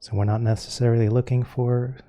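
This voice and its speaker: A man teaching a painting lesson, explaining each step calmly and unhurriedly as he works. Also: medium pitch, a little fast. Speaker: painting instructor.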